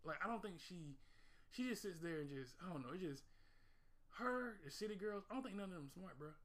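A man in casual chat, telling stories in a slangy, animated way and mimicking other people's lines. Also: sits high, brisk.

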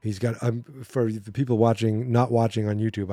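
Male podcast host, dry close mic, mellow dark tone, sarcastic rambling recap. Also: lowish voice, steady tone, normal speed, hardly any pauses, no echo. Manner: sarcastic, rambling, acts out character quotes. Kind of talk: casual movie recap.

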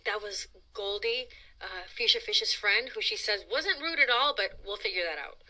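A woman hosting a children's storytime, reading aloud in an expressive, playful, dramatic way. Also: fairly high pitch, measured pace, rough recording. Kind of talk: animated read-aloud storytime.

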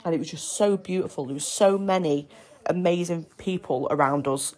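A young woman telling a personal story on her podcast in a chatty, excitable way. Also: on the low side, moderate pace. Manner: chatty, excitable, breaks off to coo at her baby. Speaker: podcast host. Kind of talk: casual storytelling.

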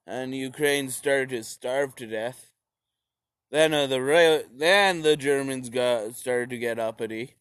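A man's voice: mid-range voice, slow pace, fairly bright tone, clean tone, dry recording. A man giving a rambling, profane, jokey retelling of history, slipping into silly voices. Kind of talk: profane comic history rant.

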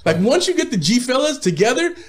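A man's voice: very high voice, very animated, fairly quick. Profane laid-back man telling stories. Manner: profane, laid-back storytelling with frequent laughs. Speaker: rapper guest. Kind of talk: casual interview storytelling.

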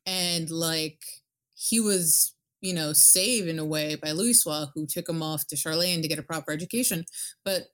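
A woman's voice: low voice, normal speed. Rambling, swearing woman game podcaster. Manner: rambling, animated, swears casually. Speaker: podcast co-host. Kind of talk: casual chat about a video game.

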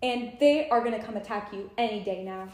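A young woman co-hosting a podcast, recapping a novel in a casual, animated way and acting out the characters' lines. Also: medium pitch, a little fast, reverberant. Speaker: podcast co-host. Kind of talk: casual chat.

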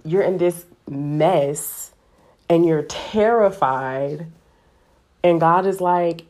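Low-voiced woman teaching scripture casually. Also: drawn-out words. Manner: chatty, animated, heavy use of "like". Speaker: Bible teacher.

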